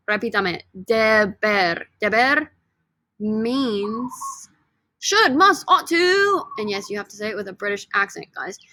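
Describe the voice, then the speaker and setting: A woman's voice: mid-range voice, creaky, bright, forceful tone, dry recording. A woman teaching a Spanish vocabulary lesson with repeat-after-me drills, playful and upbeat, joking with her students.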